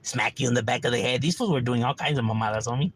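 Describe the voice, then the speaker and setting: A man's voice: mid-range voice, quick pace, a little hiss or hum, rough recording. A man telling street stories in casual, slangy, profane chat on a livestream.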